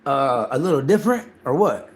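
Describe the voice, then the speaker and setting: A man hosting a livestream in casual chat, excitable and profane, repeating himself and talking over others. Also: mid-range voice, brisk, a little hiss or hum. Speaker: livestream host.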